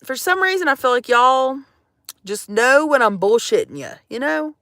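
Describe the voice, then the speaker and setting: A woman's voice: high voice, big pitch swings, normal speed, a bit bright, no echo, clean studio sound. A young woman rambling to her livestream viewers in a jokey, profane, casual chat from out in the woods. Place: outdoors in the woods.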